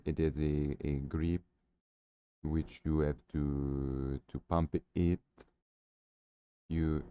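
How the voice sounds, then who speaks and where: A man's voice: rumbling low, warm tone, clean tone, no room sound, dull audio, full character voice. A man putting on a vague mock foreign accent. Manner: halting, searching for words.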